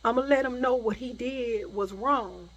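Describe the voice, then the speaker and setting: A calm, protective man talks in steady, reassuring sentences and says his promises more than once, as a woman puts him on. The voice stays close to her own, slightly raised in pitch. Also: measured pace, dull audio. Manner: steady, reassuring, repeats himself.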